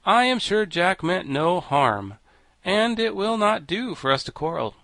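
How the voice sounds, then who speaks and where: A man's voice: high-pitched, sing-song, a little slow, vocal fry, pushed and bright, dry recording, voice pushed up, exaggerated voice. A man reading an audiobook and voicing a polite, meek young boy who speaks soothingly.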